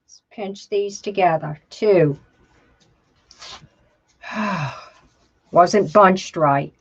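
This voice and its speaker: A woman's voice: lowish voice, drawn-out words, husky, lo-fi sound. A woman teaching a live crafting tutorial, chatting to herself as she works and calling her viewers "y'all". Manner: chatty, talks to herself while working, says "y'all". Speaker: craft instructor.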